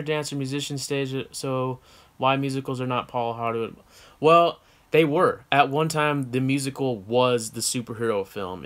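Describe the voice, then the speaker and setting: A man's voice: mid-range voice, a bit bright. A man from the United States chats casually as a co-host, working through viewer questions one at a time. His voice sits in an ordinary mid range for a man. He talks frankly and rambles, with lots of ums and restarts as he thinks aloud. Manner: rambling, frank, with many fillers and self-corrections. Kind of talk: casual chat.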